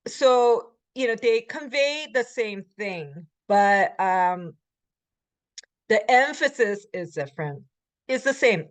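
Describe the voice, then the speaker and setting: This is a woman instructor with an American English accent, delivering a recorded grammar lecture. Her pitch sits in the middle of the usual range. She runs through example sentences at speed, then explains them in a slower, relaxed way full of fillers. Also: no echo. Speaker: Korean language instructor.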